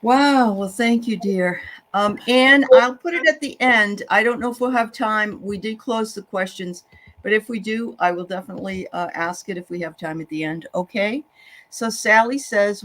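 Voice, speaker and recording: A woman hosting a live spiritual show, chatting with her guest and giving readings in a lively, joking way. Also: mid-range voice. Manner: lively, chatty, quick to joke and laugh.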